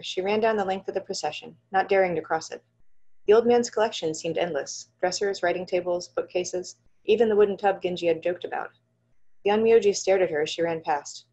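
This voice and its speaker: A woman author reading her own fantasy novel aloud in a steady narrating voice. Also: on the low side, creaky, slightly rough, dull audio.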